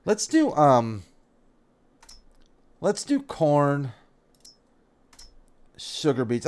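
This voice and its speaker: A man talking through his gameplay in a casual, thinking-aloud way, his pitch moving up and down a lot. He pauses and corrects himself as he decides, with keyboard clicks behind him. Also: lively intonation, a little mellow. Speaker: let's play gamer.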